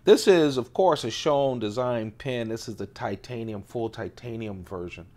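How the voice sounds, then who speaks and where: A medium-pitched, darkish voice carries this late-fifties man's EDC vlog, delivered at a moderate pace. He casually shows his pocket items, chatting away, laughing often, and digressing as he goes.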